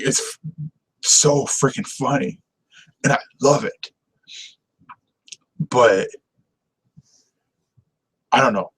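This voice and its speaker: A man hosting a TV review show, chatting casually to camera. He rambles enthusiastically, circling back on his own thoughts and laughing often. His pitch sits in a plain, everyday male middle range. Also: low-quality recording.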